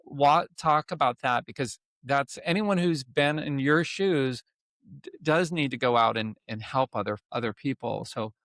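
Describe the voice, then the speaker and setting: A man hosting a podcast interview, talking in a halting, emotional way with lots of restarts. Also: mid-range voice, fairly bright tone, no room sound, studio quality. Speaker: podcast host. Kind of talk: casual interview chat.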